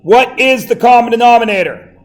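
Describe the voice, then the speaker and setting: A man's voice: very high-pitched, fairly quick. A man teaching a math class, chatting and teasing his students between explanations in a classroom. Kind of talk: classroom lecture.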